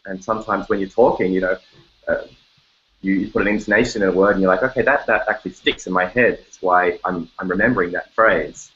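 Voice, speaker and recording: A man's voice: low voice, quick pace, dull audio. A man with an Australian accent, a songwriter chatting casually and animatedly from his bedroom, joking as he goes. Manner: chatty, animated, jokey, breaks into sung snippets. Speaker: songwriter guest. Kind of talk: casual interview chat. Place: home bedroom.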